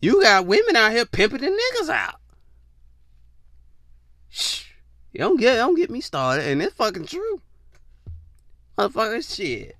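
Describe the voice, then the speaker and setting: High lively man ranting, profane. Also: measured pace, pauses often, dry recording, clean studio sound. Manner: animated and profane, jumping into mock voices. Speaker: podcast host. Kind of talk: casual opinion rant.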